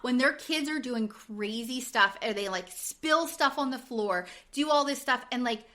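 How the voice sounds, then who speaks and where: A woman's voice: fairly high pitch, lively intonation, unhurried, pushed and bright. A woman co-hosting a casual podcast chat, blunt and candid, laughing often. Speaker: podcast co-host. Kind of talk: casual chat recapping a reality show.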